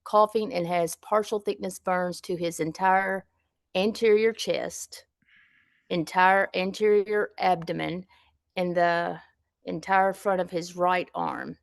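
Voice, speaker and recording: A woman's voice: on the low side, steady tone, slow pace, gravelly, no echo, studio quality. A woman student on a live class call, answering politely and reading a test question aloud with some hesitation.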